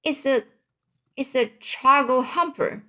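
A woman voicing a kindly, excitable male giant who mangles his grammar. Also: medium pitch, slow pace. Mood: anguished. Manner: excited, stumbling, exclamatory.

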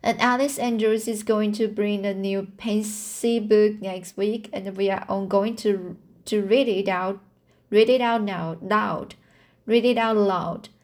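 A woman's voice: medium pitch, fairly even intonation, measured pace, darkish tone, lightly acted. A woman reading aloud the lines of a young girl pleading with her best friend, stumbling and restarting often.

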